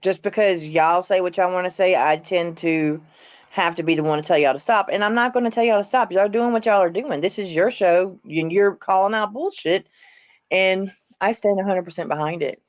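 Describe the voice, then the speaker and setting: A woman's voice: lowish voice, normal speed, no echo. Blunt woman on a dull stream mic. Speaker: guest on a live panel. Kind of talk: casual live-stream chat.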